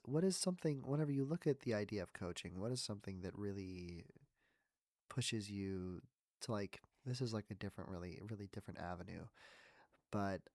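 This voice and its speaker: Hoarse man hosting a podcast chat. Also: on the low side, a little mellow, dry recording, clean studio sound. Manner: earnest, rambling, many fillers. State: hoarse, worn-out voice. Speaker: podcast host. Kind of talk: casual interview chat.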